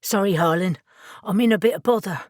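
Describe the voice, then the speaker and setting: A woman's voice: medium pitch, a little fast, darkish tone, no echo, clean studio sound, lightly acted. A woman voicing a nonchalant, self-effacing man with an English accent who speaks politely and wryly. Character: nonchalant, rumpled Englishman, wry charmer.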